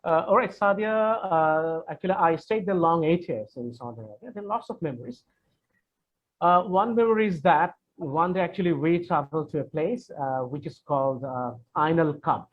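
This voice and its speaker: A Bangladeshi man with a fairly high voice speaks at a moderate pace, hosting an online Q&A for students. He answers in a warm but hesitant way, full of fillers and false starts. The video-call audio sounds dull and lo-fi, with faint noise.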